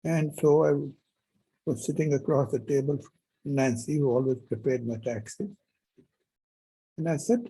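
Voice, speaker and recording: A male university professor giving a lecture, telling a personal story in an animated, emphatic way with many repetitions. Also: mid-range voice, a little slow, long pauses, husky, rough recording.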